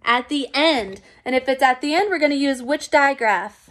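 A woman teacher giving a recorded phonics lesson to young children, encouraging and clear. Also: sits high, a bit bright. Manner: slow, clear, encouraging classroom pacing.

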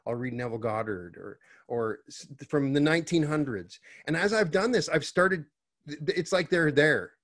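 Higher-voiced man asking searching questions. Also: lively intonation, normal speed, a bit bright. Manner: searching, thinks aloud in long questions. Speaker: host. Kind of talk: casual interview conversation.

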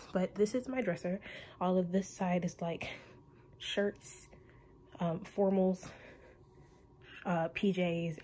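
A woman's voice: lowish voice, darkish tone, a little hiss or hum. A young woman vlogger giving a casual, rambling tour of her bedroom, slightly out of breath. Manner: chatty, rambling with many ums.

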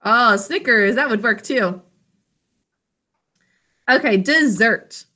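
A woman teaching young children a phonics lesson, patient and encouraging as she sounds out words slowly. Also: a little high, pushed and bright.

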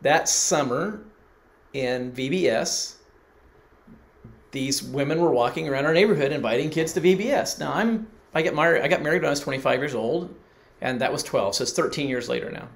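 A man's voice: a little high, normal speed, creaky. A middle-aged man preaching, telling a personal story and acting out the people he quotes. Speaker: pastor. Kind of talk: sermon.

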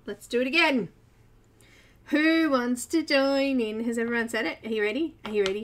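A woman's voice: a little high, lively intonation, a little slow, a little hiss or hum. A middle-aged Australian woman hosting a live coloring stream, chatting casually, giggling often and cooing at her cat. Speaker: livestream host.

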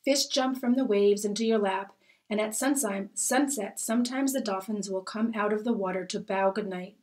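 A loving grandmother shares her memories slowly and warmly, voiced by a woman reading a storybook. Her pitch sits in the middle range. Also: natural voice. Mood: fond. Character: loving, nostalgic grandmother telling island memories.

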